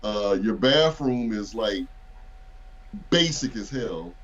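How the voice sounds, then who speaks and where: A man's voice: fairly low pitch, expressive, slow, a bit bright, highs cut off. A man talking as a podcast guest, rambling in a loose, slangy way. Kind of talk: casual chat.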